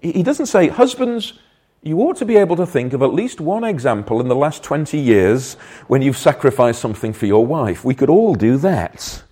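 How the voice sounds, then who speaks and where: A man's voice: mid-range voice, big pitch swings, normal speed, dark tone. A man preaching an earnest sermon, stressing points and asking the listeners direct questions. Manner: earnest, emphatic, rhetorical questions.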